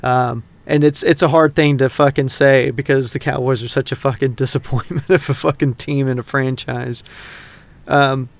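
A man's voice: mid-range voice, moderate pace, gravelly. A middle-aged man from North Texas, a podcast co-host rambling in casual, profane chat. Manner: rambling, heavy swearing, animated.

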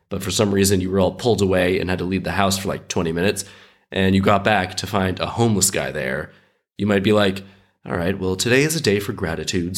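A man reading a fairy tale aloud and breaking off into sarcastic, joking tangents, while recovering from an illness. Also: deep voice. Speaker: storyteller and podcast host.

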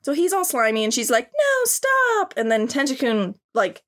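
Animated, giggly young woman recapping. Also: a little high, brisk. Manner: animated, giggly, crude and sarcastic. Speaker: podcast host. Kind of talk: casual comedic recap.

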